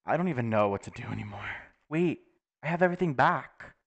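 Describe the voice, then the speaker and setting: A young man giving nervous, excitable commentary while playing a video game, often laughing and exclaiming. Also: medium pitch, quick pace, highs cut off. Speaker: gaming YouTuber. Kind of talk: Let's Play commentary.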